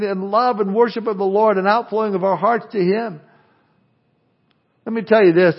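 An older man delivers a sermon with a high voice. His preaching is animated and conversational, full of restarts. The recording is dull and lo-fi. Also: gravelly. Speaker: pastor.

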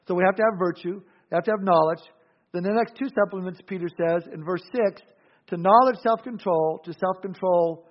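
Pastor man preaching, muffled lo-fi sound. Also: a little high. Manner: repeats words when restarting, dry humor in anecdotes. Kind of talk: sermon. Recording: dull lo-fi sound.

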